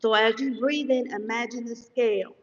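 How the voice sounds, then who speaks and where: Lady running a meditation class online, talks quick, sounds far off and kinda muffled. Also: fairly high pitch, fairly even intonation. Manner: fast-talking, says so herself; instructive, checks in often with "okay?". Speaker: spiritual teacher. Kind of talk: live-streamed meditation lesson, answering chat. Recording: distant, echoey, dull sound.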